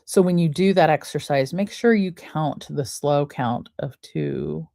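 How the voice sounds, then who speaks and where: A woman podcast host talking listeners through a breathing exercise in a slow, soothing way, counting the breaths aloud. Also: low voice, animated, mellow, no echo, clean studio sound. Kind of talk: guided breathing and wellness talk.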